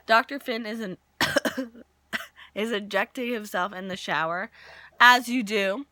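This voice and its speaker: A woman in her twenties casually recapping a soap opera episode, animated and jokey, acting out characters' lines while losing her voice. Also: mid-range voice, unhurried, pauses often, no echo. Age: 20s.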